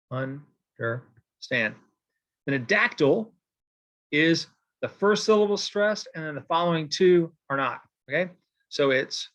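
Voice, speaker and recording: Brief: male lecturer, slightly high voice, loose and chatty, keeps asking "okay?". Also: a bit bright, dull audio. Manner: casual, filler-heavy, checks in with "okay?"; writes on a board while explaining. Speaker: poetry teacher. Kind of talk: recorded lecture.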